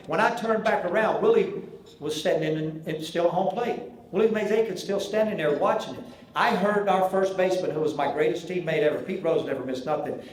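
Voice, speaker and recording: A man in his sixties from North Carolina with a Southern accent, telling folksy, animated stories as a banquet keynote speaker. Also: high-pitched. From Charlotte, North Carolina. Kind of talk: after-dinner storytelling speech. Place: large banquet hall. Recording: echoey banquet hall with faint ambience.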